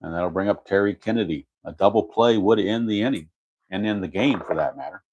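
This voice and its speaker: Deep-voiced man narrating a tabletop baseball replay. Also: brisk, darkish tone, dull audio, slight background noise. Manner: methodical, reads out dice and chart results, corrects himself. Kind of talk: casual play-by-play of a dice game.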